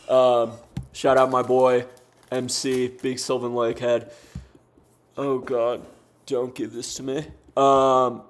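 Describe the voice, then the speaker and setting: Young American guy streaming a game, loose and profane, jokey, mid-range voice. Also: mid-range voice. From United States. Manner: laid-back, swears often, talks in bursts with fillers and self-deprecating jokes. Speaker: gaming streamer. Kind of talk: casual gameplay commentary.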